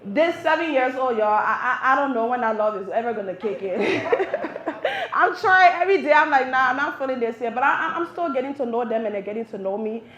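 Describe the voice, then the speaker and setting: A woman doing a stand-up comedy set in a live cafe, animated and talking straight to the crowd. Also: a little high, a little fast, dull audio. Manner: animated, talks to the crowd, playful teasing. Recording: roomy live venue sound.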